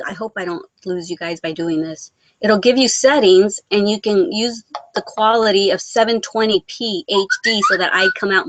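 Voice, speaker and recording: A woman's voice: mid-range voice, no echo. A woman hosting a casual live-stream chat, reading viewer comments aloud, chatty and rambling, laughing often. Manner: rambling with many restarts and fillers.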